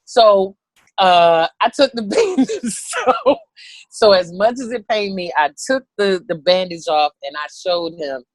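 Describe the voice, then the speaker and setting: A woman in her thirties, a comedian telling a story, animated and profane, acting out the voices of people in it. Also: medium pitch, unhurried, no room sound. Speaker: comedian guest. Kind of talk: comic storytelling.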